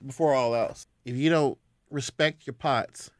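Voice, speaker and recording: Lively storyteller man. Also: mid-range voice, measured pace, dry recording, clean studio sound. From US South. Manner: animated storyteller. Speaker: guest. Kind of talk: casual podcast conversation.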